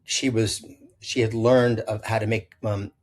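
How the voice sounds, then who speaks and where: Older chef telling rambling stories. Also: male voice, lowish voice, a little slow. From Illinois. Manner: rambling, self-correcting anecdotes with animated quoted voices. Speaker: chef guest. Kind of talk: storytelling interview.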